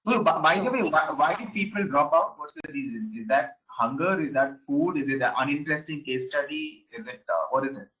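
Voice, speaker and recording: A man teaching an online class in a relaxed, conversational way, with many fillers and repeated words. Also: fairly high pitch, brisk, few pauses. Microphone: video call. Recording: dull lo-fi video call audio.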